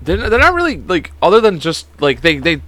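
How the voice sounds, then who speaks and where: Young dude rambling on his podcast, swears a lot, bright voice, super dry close mic. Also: fairly high pitch, wildly swooping pitch, fairly quick, dry recording. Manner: rambling, profane, joking. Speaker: podcast host. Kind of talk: casual solo podcast chat.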